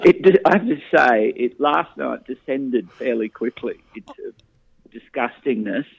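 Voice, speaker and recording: A man's voice: medium pitch, a little slow, gravelly. Man storytelling over a phone line. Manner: animated storyteller, frequent restarts. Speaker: comedian guest. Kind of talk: casual radio interview.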